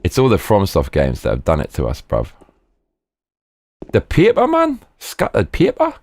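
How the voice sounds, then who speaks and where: A man streaming a horror game, chatting excitably and swearing, with sudden high yelps. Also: a little fast, no echo. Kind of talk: live gameplay commentary.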